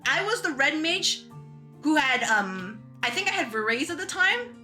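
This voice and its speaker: A woman streamer chatting casually while playing a game, ranting in an animated way with quick asides and restarts. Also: high voice, soft background music. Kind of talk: casual gaming stream chat.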